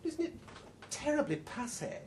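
A woman's voice: a little high, sing-song, moderate pace, a little mellow, slight background noise, pitched above the performer's own voice. A man reading a story aloud and voicing a dry, ironic woman at a card table, with an arch, impatient manner. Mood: wry. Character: dry, ironic older woman bridge player.

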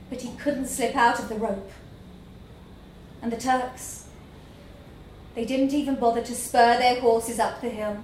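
A woman reading a literary story aloud in a slow, measured storytelling manner. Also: fairly high pitch, a little mellow, a little hiss or hum. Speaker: narrator. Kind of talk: scripted narration of a literary story. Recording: echoey room with faint ambience.

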